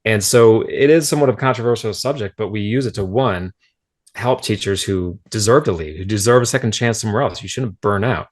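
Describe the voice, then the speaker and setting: Low-voiced frank man. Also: a little fast. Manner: frank, explanatory, drops in rhetorical "right?". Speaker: guest author, former school principal. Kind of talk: casual podcast conversation.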